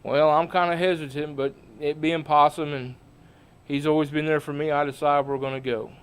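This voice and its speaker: A man hosting a livestream as a small-town mayor, telling comic stories in a folksy, animated way. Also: fairly high pitch, normal speed, clear, resonant tone.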